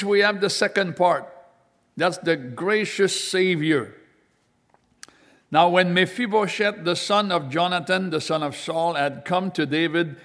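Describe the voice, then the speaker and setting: A man preaching a sermon, reading scripture aloud and explaining it slowly and deliberately. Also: high-pitched, fairly bright tone.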